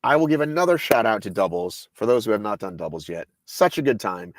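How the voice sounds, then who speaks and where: A man's voice: on the low side, animated, brisk, no echo. Joking man on a dry podcast mic. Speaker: podcast co-host. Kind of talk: casual podcast chat.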